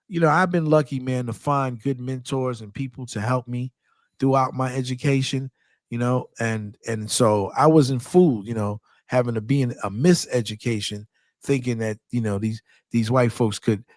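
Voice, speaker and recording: A man's voice: medium pitch, moderate pace, a little mellow. A man with a mid-range voice speaks earnestly and reflectively in casual podcast chat. The sound is dry and close, with no room echo.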